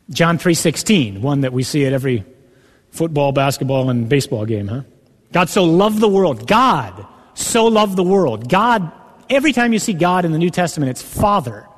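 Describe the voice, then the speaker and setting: A man preaching a sermon with a slightly high voice that lifts sharply when he quotes scripture. His words carry an earnest, emphatic weight. The voice rings with the long reverb of a large hall. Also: lively intonation, a little fast. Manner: earnest, builds to emphatic rising passages when quoting scripture. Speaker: priest.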